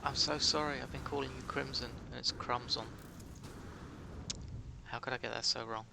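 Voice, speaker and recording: A man's voice: mid-range voice, steady tone, very fast, vocal fry, noisy background. A British man chatting casually with his live-stream chat while playing a game, joking at his own expense. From Britain.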